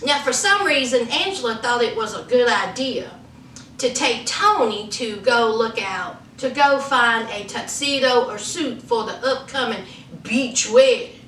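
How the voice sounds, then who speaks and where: A woman giving sassy, animated reality TV recaps full of slang and laughing asides. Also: fairly high pitch, unhurried, slight background noise. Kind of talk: sassy casual commentary. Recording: roomy, mic at a distance.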